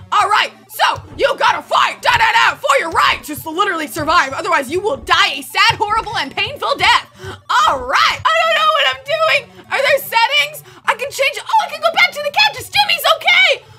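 A woman doing let's play commentary as a gaming channel host, excitable, with shrieking reactions and jokey running gags. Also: very high-pitched, moderate pace, faint music behind.

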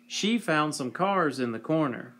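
Slow, deliberate man reading a story aloud. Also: on the high side, lively intonation, fairly bright tone. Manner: slow, deliberate, wry delivery, clears throat.

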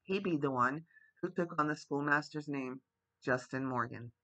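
A man reading the part of a shy young farmhand speaking plainly and haltingly in a storybook. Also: fairly high pitch, sharp tone. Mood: earnest. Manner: hesitant, rustic speech.

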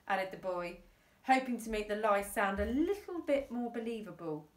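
A woman teacher from England reading a storybook aloud to her class, unhurried and expressive. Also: medium pitch, reverberant, distant mic.

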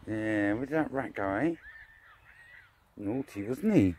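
A man chatting to his dog on a park walk, filming on a phone outdoors, talking casually and breaking into excitable bursts. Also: medium pitch, takes it slowly, pauses often, breathy edge. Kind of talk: casual vlog narration. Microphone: phone camera mic. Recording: noisy outdoor phone recording. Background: birds and ducks, outdoor ambience.

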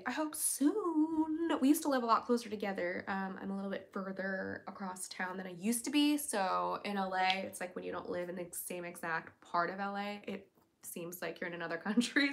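A woman's voice: medium pitch, vocal fry. A young woman hosting a casual livestream, chatty and upbeat, reading viewers' questions aloud and answering them. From United States.

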